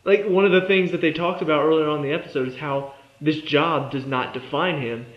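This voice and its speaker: A man's voice: a little high, steady tone, fairly quick. A young man giving a casual, exasperated review of a TV episode, sarcastic and fond of mimicking the characters. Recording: echoey room, dull lo-fi sound.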